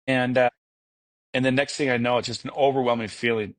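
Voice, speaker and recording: This man is a guest in a casual interview. He tells his stories with real enthusiasm, but he rambles and keeps restarting his sentences. His pitch sits in a typical middle range for a man. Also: steady tone, a little fast. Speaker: guest, entrepreneur.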